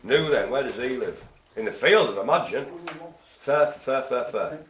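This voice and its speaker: A man calls bingo with plenty of bouncy, swooping pitch. His voice is bright and forceful, and he keeps drifting into jokey asides with a helper. It sounds like casual live-stream banter. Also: lively intonation, moderate pace. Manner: jokey and rambling, talks to a helper off-mic. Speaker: bingo caller and host.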